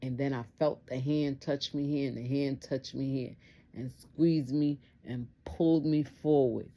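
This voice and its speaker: A woman's voice: rumbling low, steady tone, measured pace, dark tone. A woman telling a personal testimony story in an earnest way, repeating phrases for emphasis.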